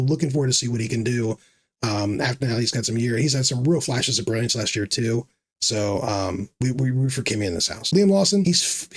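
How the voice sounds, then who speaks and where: A man rambling through casual commentary, sarcastic and teasing, full of fillers and restarts. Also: mid-range voice. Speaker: fantasy sports video host.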